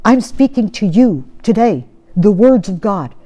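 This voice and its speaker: A woman preaching a sermon in an earnest way. She poses rhetorical questions and often sinks to a soft tone. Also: mid-range voice, lively intonation, measured pace, muffled recording.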